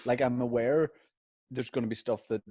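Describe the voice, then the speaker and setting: A young man bantering on a podcast with jokey, deadpan humour. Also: mid-range voice, normal speed, slightly rough, no room sound, clean studio sound. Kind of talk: casual chat.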